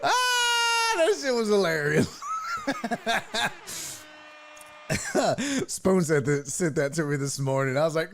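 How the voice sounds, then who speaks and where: A man's voice: high voice, wildly swooping pitch, slow, long pauses, background noise. A man hosting a sports show, ranting casually in a profane, mocking way. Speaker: sports podcast host.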